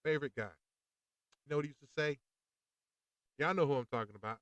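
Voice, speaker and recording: Fired-up man with a smooth voice. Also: a little high, quick pace, fairly bright tone, no echo, dull audio. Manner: fired-up, preachy, slangy and direct. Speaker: podcast host. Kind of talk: opinionated monologue.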